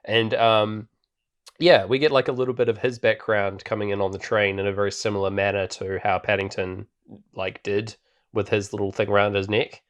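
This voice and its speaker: A man's voice: fairly low pitch, level tone, normal speed. A man co-hosting a podcast, recapping a film in a rambling casual chat with many fillers and frequent laughter. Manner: rambling, laughs often, heavy filler words. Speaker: podcast co-host.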